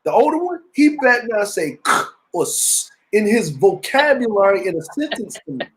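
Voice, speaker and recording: A middle-aged man co-hosting a casual chat show, telling stories in an animated, teasing way. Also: high voice, normal speed, poor audio. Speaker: podcast co-host.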